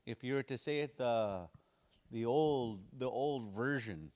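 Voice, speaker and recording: A man teaching a language class in a relaxed way, repeating phrases slowly and making jokey asides. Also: mid-range voice. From Dakota community.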